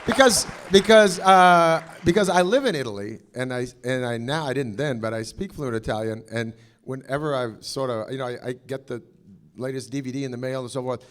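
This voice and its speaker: A man's voice: mid-range voice, fairly quick. A man, an actor guest, chatting casually and sounding amused and incredulous. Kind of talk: casual anecdotes.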